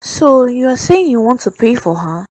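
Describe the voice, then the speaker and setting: A woman's voice: a little high, sing-song, moderate pace, darkish tone, long reverb tail, poor audio. A woman as a blunt, scornful mother. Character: stubborn mother, tight with money.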